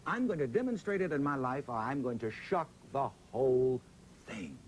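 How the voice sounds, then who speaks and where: A man, interviewed as a preacher, tells his story with a dramatic, drawn-out pulpit cadence. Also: mid-range voice, lively intonation, slight background noise, poor audio.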